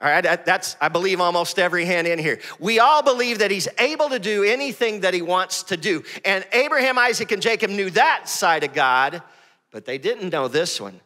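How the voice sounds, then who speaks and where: A man's voice: high-pitched, a little fast, in a large hall. A man preaching a sermon as pastor, reading scripture and calling on the congregation. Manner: energetic preaching, reads scripture aloud. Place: church sanctuary with congregation.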